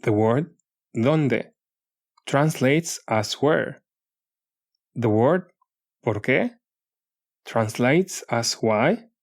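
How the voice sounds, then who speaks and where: A man reading a beginner language lesson as an audiobook, in a measured, deliberate way, saying foreign words and then their meanings. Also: mid-range voice, lively intonation. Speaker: audiobook narrator. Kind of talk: scripted language-lesson narration.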